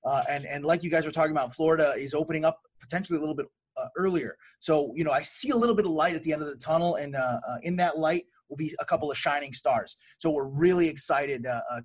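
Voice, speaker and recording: A man from Brazil, a wrestling promoter, speaks as a podcast guest. His voice is a little high and husky, and he delivers news eagerly but haltingly, with many fillers. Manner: energetic, joking, then halting with fillers. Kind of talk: casual podcast chat.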